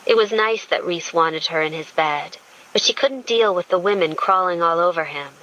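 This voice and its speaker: A woman reading a romance audiobook in a smooth, intimate storytelling manner. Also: on the low side, moderate pace, a bit bright, poor audio. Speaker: audiobook narrator. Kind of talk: scripted romance narration.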